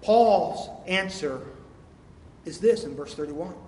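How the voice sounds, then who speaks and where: High-voiced preacher in an echoey hall. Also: male voice, animated, slow pace, a little mellow. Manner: emphatic, with rhetorical questions. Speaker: pastor. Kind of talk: sermon. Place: church sanctuary. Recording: echoey hall, faint room ambience.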